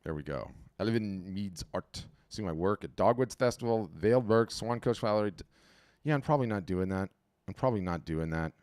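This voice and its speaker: A low-voiced man hosts a live webinar over a video call from home, his mic close and dry. He talks in an animated, chatty flow, often repeating himself and restarting sentences as he gives his feedback on the fly. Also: fairly quick, no echo. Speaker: webinar host auditing artist profiles. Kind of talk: casual live webinar commentary.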